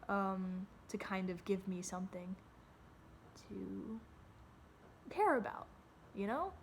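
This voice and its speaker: A woman's voice: mid-range voice, a bit bright. A young adult woman talking candidly to her phone camera at home, rambling, swearing freely and often restarting her sentences. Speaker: vlogger. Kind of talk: casual rambling monologue to camera.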